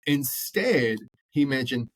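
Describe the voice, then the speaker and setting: A man's voice: mid-range voice, lively intonation, takes it slowly, dry recording. A man co-hosting a sports podcast, talking bluntly and animatedly and swearing freely as he acts out quotes. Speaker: podcast co-host. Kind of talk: casual sports chat.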